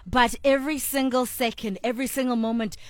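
A woman with a South African accent hosting a live radio chat show, bubbly and animated, on a studio microphone. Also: a little high, a little fast, dry recording. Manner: bubbly, animated, code-switching. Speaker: radio host.

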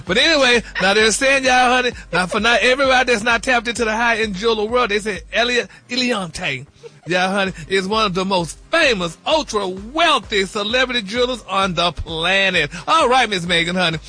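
A man's voice: sits high, a little fast, bright, forceful tone. A man hosting celebrity gossip in a flamboyant, sassy chatting style. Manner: flamboyant, peppers talk with honey and y'all.

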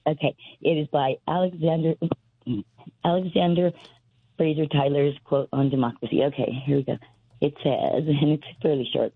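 A woman's voice: low voice, fairly even intonation, normal speed, husky, dry recording. Breathless woman calling in on a tinny phone. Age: 50s. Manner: rambling, breathless, restarts sentences. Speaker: caller. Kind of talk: call-in radio chat. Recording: tinny dry phone line.

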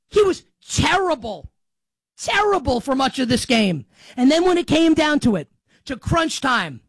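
A man delivering an excitable, rambling sports monologue as show host, breaking into shouts. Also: extremely high pitch, no echo, low-quality recording. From New York.

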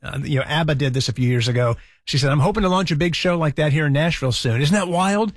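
A man hosting a radio show, talking quickly and chattily with a slightly high voice. The sound is close and dry, straight from a studio microphone. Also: dry recording. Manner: chatty, warm, fast-talking. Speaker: radio host. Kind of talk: casual radio talk.

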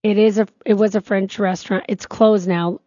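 A woman, co-hosting a talk show and telling stories in animated, casual chat. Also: mid-range voice, moderate pace, no room sound, lo-fi sound. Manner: chatty, animated storytelling. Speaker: radio show co-host.

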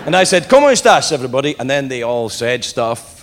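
A man doing stand-up comedy, telling a story with shouted punchlines and mimicked voices, recorded live in a club with laughter behind him. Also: medium pitch, a little fast, very noisy. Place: comedy club stage with audience.

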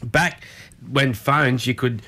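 A man's voice: medium pitch, fairly even intonation, slow, sharp tone. An Australian man co-hosting a casual chat, telling rambling, laid-back stories full of fillers.

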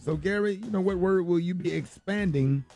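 Brief: high-pitched male morning host, teasing, laughs a lot, music bed under him. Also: moderate pace. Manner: teasing, laughs often, loud bursts. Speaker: radio show host. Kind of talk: playful morning radio banter.

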